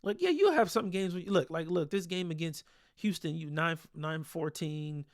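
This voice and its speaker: Fed-up guy ranting over game tape, high voice that jumps all over, dry sound. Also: lively intonation, normal speed, no room sound. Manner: exasperated, blunt, swears freely. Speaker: basketball commentator breaking down game film. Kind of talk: casual film breakdown.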